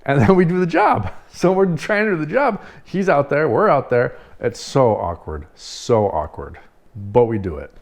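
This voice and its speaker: A man who runs a party rental business, telling a story casually in an animated way, swearing freely and laughing now and then. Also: mid-range voice.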